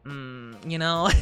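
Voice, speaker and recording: A woman streamer chats casually with her audience, laughing often and trailing off mid-thought. Her voice sits fairly low but swings widely in pitch, and it comes through smooth and clear. Soft music plays faintly behind her. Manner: giggly, chatty, reads chat aloud. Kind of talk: casual livestream chat.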